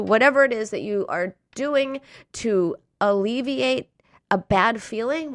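A woman speaks in an earnest, encouraging coaching talk, her pitch rising and falling a lot as she goes. She sometimes slips into a harsh inner voice. The sound is dry and close, with no room around it. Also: a bit bright, dry recording. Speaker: speaker on emotional eating.

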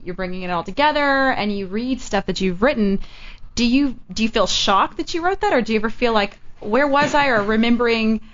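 A chatty, playful woman co-hosting a casual conversation, her voice a little higher than most. She tells stories with an animated lilt. The sound is dull and lo-fi. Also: brisk. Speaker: co-host. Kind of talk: casual chat.

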